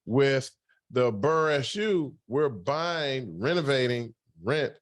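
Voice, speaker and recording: Joking, animated man hosting a podcast. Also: medium pitch, slow, no echo. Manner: animated, joking, laughs often. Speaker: podcast host and real estate investor. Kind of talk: live podcast chat.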